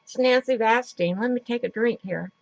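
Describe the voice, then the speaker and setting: A woman's voice: fairly high pitch, moderate pace, gravelly, a little mellow, dry recording. A woman vlogging a casual craft tutorial from her home craft table, chatting in a rambling way with lots of fillers, recorded on the camera mic. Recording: dull lo-fi sound.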